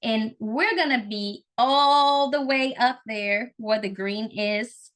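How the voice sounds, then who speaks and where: A Brazilian woman from Amazonas, a native Portuguese speaker, has a slightly high, somewhat bright voice and takes it slowly. As a language and culture trainer, she conducts an online lesson by video call, using call-and-repeat drills with upbeat, chatty encouragement.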